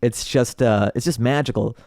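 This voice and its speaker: A man's voice: medium pitch, moderate pace, no room sound, clean studio sound. A man who is a comedian guest, telling stories in casual podcast chat and laughing often. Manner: animated storyteller, laughs often.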